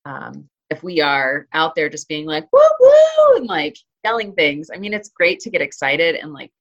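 A woman's voice: deep voice, normal speed, sharp tone, muffled recording. A woman talking casually in an interview about hiking and trail running, chatty, with many fillers and restarts. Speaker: interview guest, hiker and trail runner.

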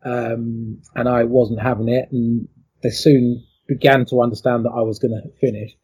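A man's voice: medium pitch, flat delivery, normal speed, darkish tone, breathy edge. A middle-aged man, a former athlete, telling his story in an interview in a reflective, emotional way with many fillers.

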